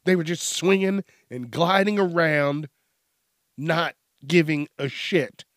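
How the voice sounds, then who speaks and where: A man's voice: a little high, slow, a bit bright, dry recording, studio quality. A man playing a distraught, stammering fellow who complains crudely that superheroes wrecked his house, in a comedy sketch.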